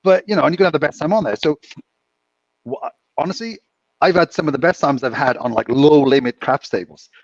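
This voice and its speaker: A man's voice: fairly high pitch, brisk, no echo. A man chatting casually as a podcast co-host, rambling and chuckling through his stories. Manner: rambling, chuckling storyteller with filler words. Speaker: podcast co-host, casino dealer. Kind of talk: casual chat. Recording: dull muffled dry mic sound.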